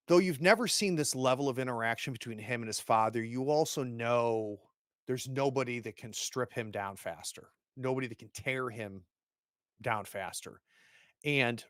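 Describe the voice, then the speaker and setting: A man runs a tabletop horror game and narrates the scene slowly and deliberately, painting the action in detail. His voice sits at a middle pitch and sounds close and dry. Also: a bit bright, no room sound. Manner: unhurried, descriptive, acts out gestures. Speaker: game master.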